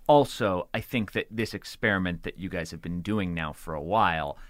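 A man's voice: sits low, moderate pace, a bit bright, dry recording. A man who is a host's husband, chatting and laughing as he retells arguments. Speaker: podcast guest, host's husband. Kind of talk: casual chat.

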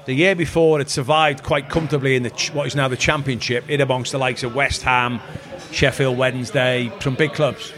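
A man's voice: medium pitch, steady tone, fairly quick, crowd noise. A middle-aged man, a former footballer telling rambling anecdotes in casual chat. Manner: rambling anecdotal, quotes others in voices. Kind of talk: storytelling chat.

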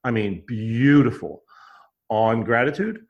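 On a muffled recording, a man with a medium-pitched voice speaks slowly about a mindset method. His delivery is emphatic and repetitive, with his inner thoughts acted out in quotes, plenty of restarts, and frequent "right?" tags.

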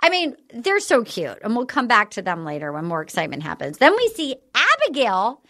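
Woman, podcast host, high bright voice, very lively pitch, animated recap chatter. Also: brisk. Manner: animated, acts out quotes in voices. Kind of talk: casual chat recapping a show.

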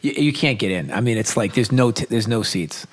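A man with a New York accent co-hosting a podcast, telling food stories with enthusiasm and quick restarts. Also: fairly low pitch, lively intonation, breathy edge. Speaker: podcast co-host. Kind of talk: casual chat.

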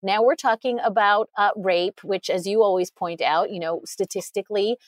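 A woman's voice: medium pitch, normal speed, no room sound. A woman guest on an interview, speaking earnestly and articulately with frequent "you know" fillers and short laughs. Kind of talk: conversational analysis.

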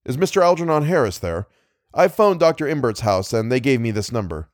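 A man's voice: medium pitch, big pitch swings, a little fast, dry recording, studio quality, lightly acted. A man voicing an anxious caller from a museum asking for someone on the phone. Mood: urgent.

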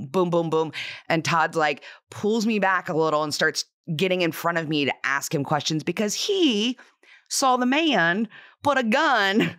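Animated low-voiced woman telling a story. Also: no echo, clean studio sound. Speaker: podcast guest, investigator. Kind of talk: casual storytelling.

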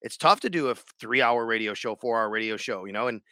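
A man's voice: medium pitch, quick pace, bright, forceful tone, no echo, studio quality. A man co-hosting a sports podcast in casual chat, rambling and restarting his sentences. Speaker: radio sports show co-host.

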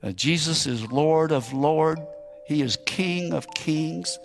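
A man telling a story in a sermon as a preacher, building to loud, emphatic pleading. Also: a little high, takes it slowly, gravelly, faint music behind.

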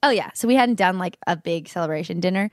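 A woman's voice: lowish voice, fast talker, no echo. Chatty young woman, dry close sound. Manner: animated, playful mock voices and giggles. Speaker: guest. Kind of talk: casual chat.

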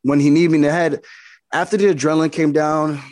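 Male fighter guest, slightly high voice, dry close sound, emphatic storytelling. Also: fairly even intonation, fast, darkish tone, no room sound. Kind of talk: casual interview talk.

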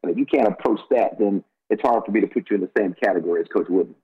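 A man's voice: low voice, rapid-fire, slightly rough. A man in his sixties from Los Angeles, a former college basketball player, telling stories as a radio guest, rambling with many repeated words and restarts. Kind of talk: casual radio interview storytelling. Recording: dull lo-fi radio audio.

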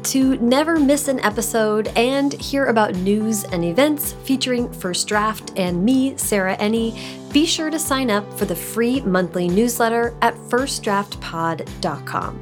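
A woman's voice: on the high side, unhurried, over music. Chatty woman podcast host. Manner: enthusiastic, chatty. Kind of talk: podcast intro and interview.

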